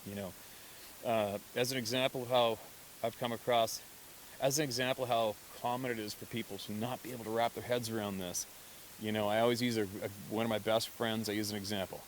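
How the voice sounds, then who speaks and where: A man, a hunter, talking in a casual monologue, animated and laughing often as he acts out other people's reactions. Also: on the low side, brisk, slight background noise. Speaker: hunter telling encounter stories.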